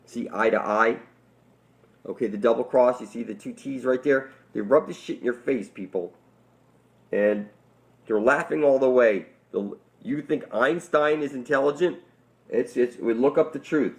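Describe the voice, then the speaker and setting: A man's voice: mid-range voice, normal speed. A man giving a rambling, intense, preachy monologue to his viewers, swearing often and calling them "people". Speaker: online conspiracy speaker.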